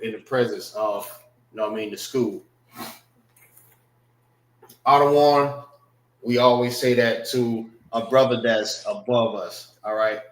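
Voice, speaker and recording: A man's voice: mid-range voice, echoey room. A man teaching a casual vocabulary class, repeating words and checking in with his listeners. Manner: slow, repetitive, checks in with listeners.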